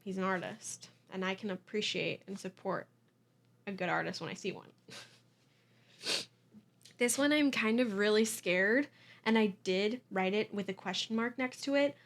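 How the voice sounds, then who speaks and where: A woman's voice: mid-range voice, a little slow, vocal fry, pauses often. A young woman hosting a casual solo podcast, giggly and self-deprecating, apologizing and laughing at herself as she talks. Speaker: podcast host. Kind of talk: casual confessional monologue.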